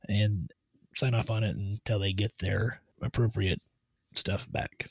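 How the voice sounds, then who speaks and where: A man's voice: lowish voice, unhurried, creaky, husky, no echo. Methodical man explaining medical exams. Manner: steady, methodical, tries to stay on task. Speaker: medical provider doing truck-driver physicals. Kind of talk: explanatory podcast chat.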